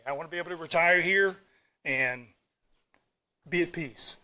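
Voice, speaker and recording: A middle-aged man speaks at a county council podium, earnest and halting. His voice is bright and forceful and sits a touch high, and he stumbles over his words as he holds back emotion. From Virginia Beach area, US. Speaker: public commenter. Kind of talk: public comment at a council meeting.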